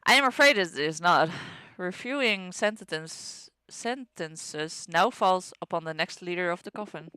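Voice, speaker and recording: A woman voicing an old, dead witch who leads a coven, speaking formally and slowly in a game read-aloud. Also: on the low side, lively intonation, sharp tone, clean tone, no echo, clean studio sound. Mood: solemn. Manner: formal, measured speech. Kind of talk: reading game dialogue aloud.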